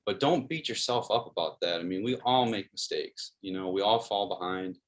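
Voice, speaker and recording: A man's voice: low voice, moderate pace. A man, telling stories as a guest in an interview, earnest and friendly, with many restarts and "you know"s. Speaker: guest, sports video producer. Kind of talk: casual interview storytelling.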